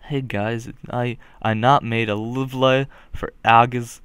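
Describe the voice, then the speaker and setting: A man doing goofy let's play commentary, joking along and bursting into loud yelps. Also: medium pitch, flat delivery, slow, smooth, dry recording. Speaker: gaming commentator.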